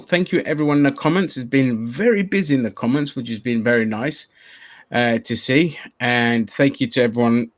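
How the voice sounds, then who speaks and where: A man at mid pitch hosts a loose, rambling podcast chat. He swears freely and laughs often. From London. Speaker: podcast host.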